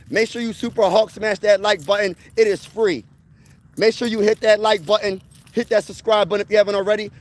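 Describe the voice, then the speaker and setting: A man's voice: high-pitched, a little hiss or hum. A man in his thirties hosting a sports fan channel, talking outdoors to a phone camera in a hyped, repetitive way. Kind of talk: casual live-stream chat. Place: outdoors by trees.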